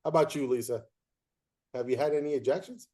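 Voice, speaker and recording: A man's voice: mid-range voice, fast, crowd noise. A man hosting a casual chat about umpiring, telling stories and acting out the voices of players and coaches. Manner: animated storyteller, acts out quotes. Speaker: podcast host.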